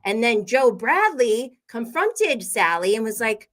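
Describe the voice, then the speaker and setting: A woman's voice: on the high side, sing-song, unhurried, a bit bright. An American woman hosting a casual reality TV recap, chatty and opinionated, with frequent fillers and laughter. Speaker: host.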